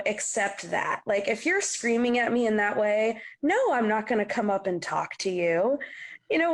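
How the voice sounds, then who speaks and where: Young woman musician guest, bit high voice, lively storyteller. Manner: animated storyteller, acts out quotes. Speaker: singer-songwriter guest. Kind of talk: casual interview chat.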